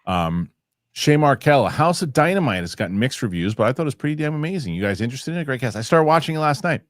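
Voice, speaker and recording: Fast-talking male show host. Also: mid-range voice, expressive, no echo, clean studio sound. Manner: rapid, reads out viewer names between topics. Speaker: show host reading viewer comments. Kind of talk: casual chat.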